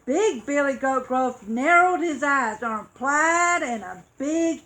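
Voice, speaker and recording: A woman reading a children's story aloud, expressive and acting out dramatic sound effects. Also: sits high, takes it slowly, hardly any pauses, low-quality recording.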